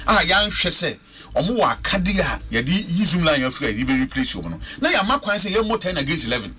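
A man's voice: on the high side, very animated, fast talker, pushed and bright, a little hiss or hum. Emphatic Ghanaian man calling in. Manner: emphatic, repeats words for stress. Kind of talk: passionate radio call-in commentary.

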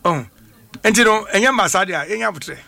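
A man's voice: high voice, animated, normal speed, vocal fry, sharp tone, dry recording. A man with a Ghanaian accent, a football pundit on a radio sports talk show, talking emphatically and often asking rhetorical questions in a studio.

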